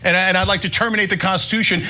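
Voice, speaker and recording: Man arguing hard, real high bright voice, rattles off accusations fast. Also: fairly even intonation. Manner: forceful, rapid lists of accusations, mocking quotes. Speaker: show host in debate. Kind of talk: heated political debate.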